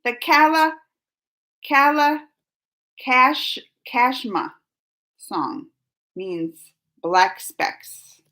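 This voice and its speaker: An adult woman under 45 hosts a reaction channel's casual live stream, chatting, giggling and reading the live chat aloud. Her voice sits high and bright, very animated and forceful, with drawn-out words and long pauses.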